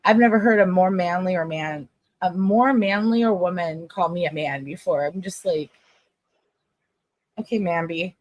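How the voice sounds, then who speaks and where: A woman's voice: fairly low pitch, moderate pace, no echo, lo-fi sound. A woman in a casual chat, talking brashly with heavy swearing and frequent laughs. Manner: brash, profane, laughing often.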